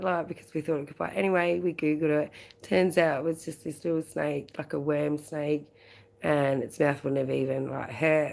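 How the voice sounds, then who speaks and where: A woman's voice: sits low, vocal fry, darkish tone. An Australian woman hosting a late-night live stream, chatting casually with viewers, rambling and laughing often. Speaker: livestream host.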